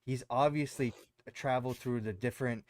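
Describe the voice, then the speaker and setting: A man's voice: mid-range voice, steady tone, normal speed, darkish tone, no room sound. A man co-hosting a podcast, casually recapping a show in a rambling way with lots of fillers. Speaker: podcast co-host.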